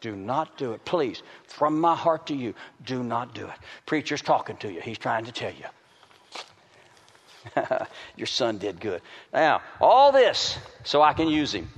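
A man preaching a sermon to a congregation, swinging between loud calls and hushed pleading. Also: medium pitch, sing-song, unhurried, slightly rough. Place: large hall with an audience. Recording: reverberant hall.

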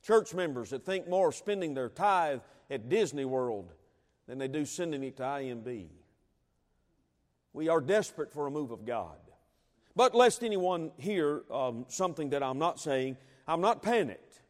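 A man's voice: on the high side, lively intonation, moderate pace, a little mellow, in a large hall. A man preaching a sermon in a folksy, dramatic way, with emphatic rises before an audience of preachers. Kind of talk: sermon with a humorous story.

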